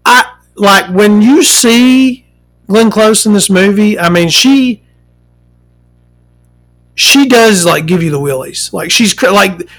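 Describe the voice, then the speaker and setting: A woman hosting a casual talk show, ranting in a profane, animated, rambling way. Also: medium pitch, takes it slowly, long pauses.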